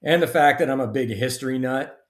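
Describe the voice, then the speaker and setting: A middle-aged man, a guest author and retired army officer, telling stories in a lively, casual way. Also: medium pitch, fairly quick. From United States. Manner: animated storyteller, acts out dialogue. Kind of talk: casual storytelling interview. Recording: roomy echo.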